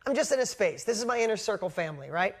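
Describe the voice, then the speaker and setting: A woman business coach telling a motivational story to a live group, energetic and blunt, swearing casually. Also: mid-range voice, rapid-fire.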